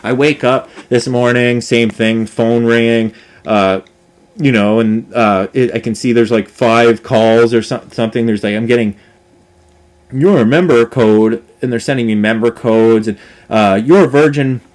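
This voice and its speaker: A man's voice: medium pitch, fairly even intonation, a little slow, a little mellow. A man venting to camera in a rambling vlog rant, talking in long run-on sentences with lots of filler phrases. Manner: frustrated, run-on storytelling full of filler phrases. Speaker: vlogger.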